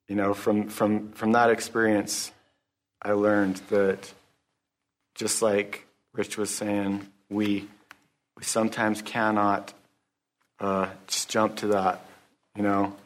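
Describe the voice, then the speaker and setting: A man giving an earnest, halting personal testimony at a recovery meeting, closing in prayer. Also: on the low side. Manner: halting, earnest, restarts often; religious, closes in prayer. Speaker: speaker sharing at a recovery meeting.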